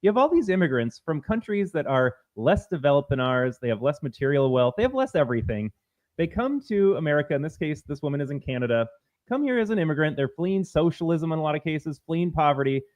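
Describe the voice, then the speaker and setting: A man's voice: a little high, very animated, fast, darkish tone. A man co-hosting a political talk stream, blunt and opinionated, ranting at length to his audience. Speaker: podcast co-host. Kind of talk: political talk show banter.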